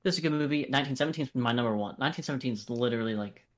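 An American man co-hosting a casual podcast, reviewing films in a lively, profane way and acting out quotes. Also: medium pitch, rapid-fire. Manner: animated, profane, acts out quoted voices. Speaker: podcast co-host. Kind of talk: casual film review chat.

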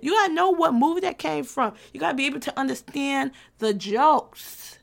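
A woman's voice: high-pitched, normal speed, creaky. A woman in her twenties talking casually as a vlogger, loose and profane, often restarting her sentences. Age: 20s. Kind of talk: casual chat.

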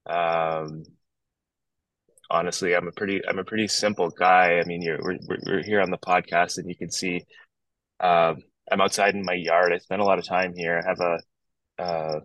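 A man from Northern Ontario, a guest musician on a podcast, talking outdoors in his yard over a video call, relaxed and rambling with frequent restarts. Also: low voice, normal speed, no room sound, rough recording. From Northern Ontario, Canada. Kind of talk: casual podcast chat.

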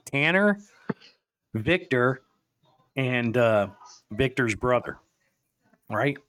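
A man's voice: medium pitch, lively intonation, very slow, fairly bright tone, a little hiss or hum. A man hosting a podcast, rambling through stories and chuckling as he goes. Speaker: podcast host. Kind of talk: casual chat.

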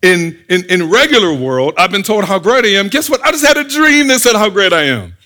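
A man's voice: high voice, sing-song, a little fast, pushed and bright, voice pushed up, full character voice. A man playing a naive, boastful young man who brags gleefully and without a clue. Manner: gleeful bragging, rising emphatic questions.

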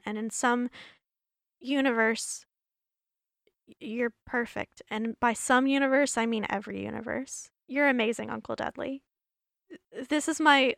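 A woman's voice: on the high side, fairly bright tone, no room sound, clean studio sound. A woman hosting a solo podcast, rambling and giggling in casual chat, her voice worn out after hours of recording. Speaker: podcast host.

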